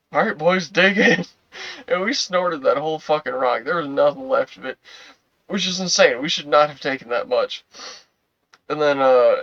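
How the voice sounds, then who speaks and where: A man's voice: mid-range voice, a bit bright, no echo. Young guy rambling thru a wild story on a podcast, swears a ton, dry kinda dull mic. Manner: rambling, swears a lot, full of fillers. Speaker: podcast co-host. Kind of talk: casual storytelling.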